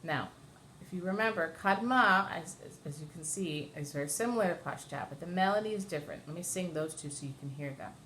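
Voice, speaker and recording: A woman's voice: deep voice, fast talker, a little hiss or hum. A woman cantor teaching Torah chanting at home, explaining step by step and singing short examples. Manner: explains step by step, sings trope names in short phrases. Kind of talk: online lesson with sung examples. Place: home with a dishwasher running.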